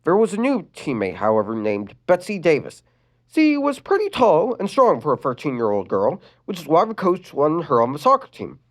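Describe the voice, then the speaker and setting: A storyteller reads a fan-written sad story aloud. The delivery is expressive, with a lively, swooping pitch and the odd stumble and restarted word. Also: moderate pace.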